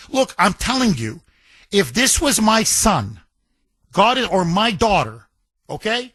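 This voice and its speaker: A man's voice: high-pitched, very animated, takes it slowly, a bit bright, no room sound. A middle-aged man hosting a talk radio show, delivering an emphatic, indignant monologue with lots of repetition.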